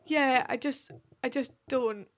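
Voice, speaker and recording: A Scottish woman in her twenties hosts a casual solo podcast, her high-pitched voice moving at a slow pace. She chats and rambles, full of fillers and asides.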